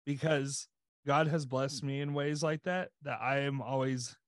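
A man's voice: mid-range voice, steady tone, unhurried, dry recording. A man co-hosting a podcast, telling a story in casual chat with lots of "like" fillers. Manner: rambling storyteller, many "like" fillers. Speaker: podcast co-host.

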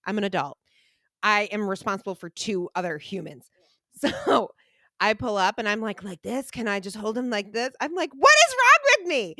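A bright, lively woman in her thirties co-hosts a casual podcast chat, spinning a story with lots of laughter. Her pitch leaps around as she talks, and the sound is close and dry. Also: no room sound. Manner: animated storytelling with frequent laughter. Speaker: podcast co-host.

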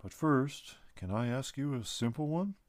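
A man voicing a calm, wise male tree spirit in a storybook reading, speaking slowly and softly. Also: medium pitch, no room sound, clean studio sound, close to an everyday voice. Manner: slow, soft, patient.

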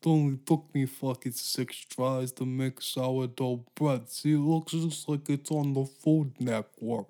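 A man's voice: mid-range voice, fairly even intonation, unhurried, few pauses, warm tone, close to an everyday voice. A man impersonating a smug young woman who brags about baking sourdough bread, in a mocking tone. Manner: mocking, self-satisfied bragging.

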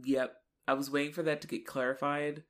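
Low-voiced woman in casual podcast chat. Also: fairly quick. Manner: animated, swears casually, acts out quotes. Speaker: podcast co-host. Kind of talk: casual chat recapping a TV episode.

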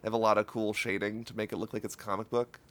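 A man's voice: fairly low pitch, little pitch movement, very fast, a bit bright. A man co-hosting a casual podcast, teasing and joking while recovering from an illness. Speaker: podcast co-host. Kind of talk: casual chat.

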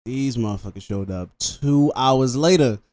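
A man's voice: medium pitch, moderate pace. A man co-hosting a casual podcast chat, telling stories with lots of animation and casual swearing. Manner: animated storyteller, swears freely.

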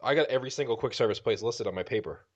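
A man's voice: medium pitch, rapid-fire. A man with a Boston accent co-hosting a podcast, chatting in a rambling, jokey way and correcting himself as he goes. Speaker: podcast co-host. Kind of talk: casual chat.

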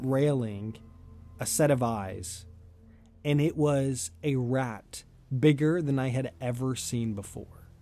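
A man's voice: medium pitch, warm tone. A man telling a personal story in a loose, chatty way, full of "like", light laughs and casual swearing. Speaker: storyteller host.

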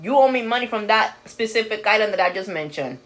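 A woman's voice: medium pitch, animated, fast, fairly bright tone. A woman co-hosting a podcast, playful and teasing in casual chat. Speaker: podcast co-host.

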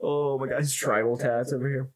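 A man's voice: mid-range voice, level tone, brisk, over a noisy crowd. A man in casual chat who giggles and teases as he reads t-shirt slogans aloud, swearing now and then.

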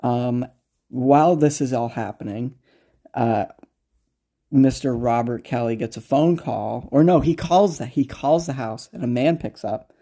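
A podcast host with a medium-pitched, mellow voice speaks at a measured pace, casually recapping a story. Amused and rambling, he restarts often and swears a bit.

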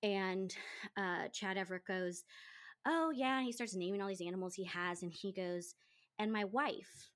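A woman hosting a podcast, telling a story in casual chat, animated and chatty. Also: on the low side, moderate pace. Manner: animated, chatty, quotes people in lively voices. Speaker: podcast host.

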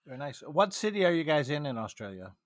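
A man's voice: a little high, big pitch swings, fast talker, no echo, clean studio sound. A man from South Dakota hosting an interview, joking and self-deprecating. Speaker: podcast host. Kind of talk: casual interview chat.

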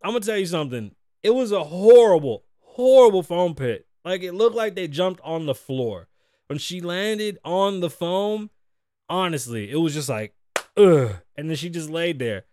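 A man hosting a podcast, talking casually and animatedly, swearing a lot and acting out quotes in loud bursts from a studio. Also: high-pitched, expressive, moderate pace, no echo. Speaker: podcast host. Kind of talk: casual profane talk-show rant.

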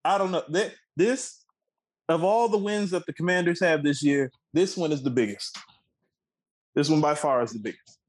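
Young dude from the dc area going off on a swear-heavy sports rant, kinda high voice. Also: male voice, normal speed, rough recording. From Washington, D.C. area. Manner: profane, heated and emphatic, with slangy repetition. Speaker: co-host. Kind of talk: sports talk podcast rant.

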